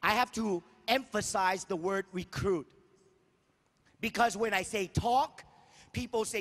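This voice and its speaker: A man's voice: sits high, unhurried, pauses often, a bit bright. A man giving a motivational stage speech at a sales convention, emphatic and repetitive, firing rhetorical questions at the crowd. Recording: long hall reverb.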